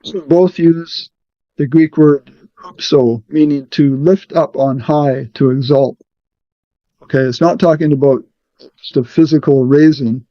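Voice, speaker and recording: A man leading a scripture study, explaining verses deliberately and checking in with "okay" often. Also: mid-range voice, dry recording. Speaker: Bible study leader. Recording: muffled, dry sound.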